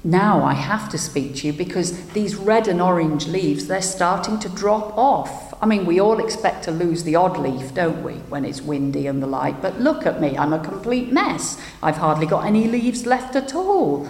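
A woman's voice: lowish voice, animated, normal speed, few pauses, a little mellow. A woman voicing a worried female tree who confides in her doctor. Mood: fretful. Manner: fretful, confiding pleas to the doctor. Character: worried female tree, anxious then joyful. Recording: echoey hall, faint ambience.

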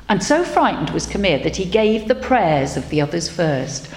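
Low-voiced woman telling a story in a hall. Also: big pitch swings, normal speed, few pauses, a little mellow. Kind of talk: storytelling to an audience. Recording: echoey hall, faint noise.

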